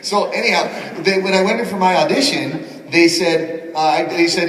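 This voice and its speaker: A man telling jokey stories on a convention panel as a voice actor, animated and laughing often. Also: on the high side, quick pace, few pauses, crowd noise. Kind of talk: storytelling panel talk. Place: large convention hall. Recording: echoey hall from far off.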